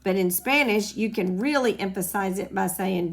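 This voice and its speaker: A woman's voice: mid-range voice, normal speed. A woman teacher explaining grammar in a recorded lesson, patient and repeating key points for emphasis. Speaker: Spanish teacher.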